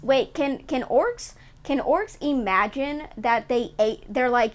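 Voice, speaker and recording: A woman's voice: high voice, takes it slowly. A woman streamer chatting casually and teasing her viewers while reacting to a video, laughing often. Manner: playful, giggly, teasing.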